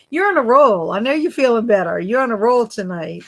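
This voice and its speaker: A woman's voice: a little high, very animated, normal speed, vocal fry. A woman hosting a casual livestream, giggling often as she reads viewer comments aloud and teases her chat. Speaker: booktube livestream host.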